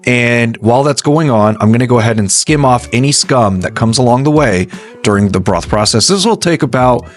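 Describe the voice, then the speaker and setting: A man's voice: medium pitch, animated, a little fast, faint music behind. A man hosting a home cooking video, chatty and reassuring as he talks the viewer through each step. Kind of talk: casual cooking tutorial narration.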